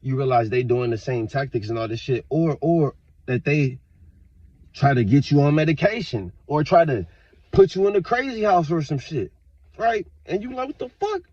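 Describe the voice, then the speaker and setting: A man talking straight to his viewers in a casual, profane, rambling rant, with sudden loud outbursts. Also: a little high, lively intonation, moderate pace, no room sound, lo-fi sound. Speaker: vlogger. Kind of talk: casual monologue to camera.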